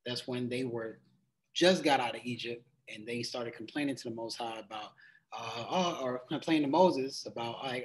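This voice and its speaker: A man's voice: medium pitch, normal speed, rough recording. A man leading a casual Bible study, reading verses aloud in old-fashioned wording and then explaining them in loose, everyday talk full of "it's like.". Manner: conversational, loose phrasing with frequent "it's like".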